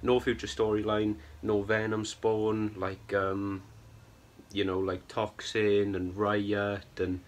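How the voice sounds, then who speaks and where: A man's voice: fairly low pitch, monotone, takes it slowly. Young man ranting about a film. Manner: exasperated, rambling, keeps tagging "right?" and "bro". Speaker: film reviewer. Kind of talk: ranting film review vlog.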